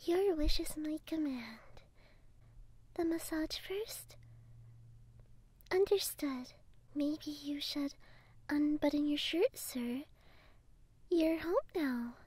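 A woman voicing a devoted young female android housekeeper in a soft, deferential whispered role-play. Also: high voice, slow, pauses often, no room sound. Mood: doting.

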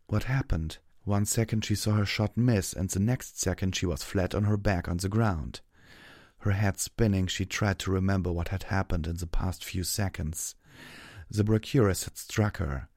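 A man reading an action story aloud as narrator, in steady, even scripted narration on a close mic. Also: deep voice, no echo.

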